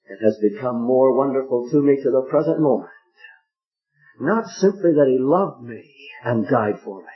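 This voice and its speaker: An older man preaching an evangelistic sermon, fervent and pleading, swinging his voice high and low for emphasis. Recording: dull lo-fi recording.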